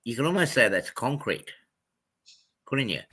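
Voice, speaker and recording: A man's voice: mid-range voice, big pitch swings, moderate pace, sharp tone, husky. A man from Australia chatting casually on a livestream, rambling with many ums and self-corrections. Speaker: livestream host.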